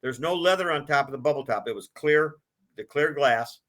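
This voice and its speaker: An older man tells a long, rambling story in a relaxed interview. His voice is bright and forceful, and he jumps into other people's voices when he quotes them. The delivery is loose and chatty, with lots of restarts. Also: a little high, a little fast. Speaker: guest, collector of a presidential car.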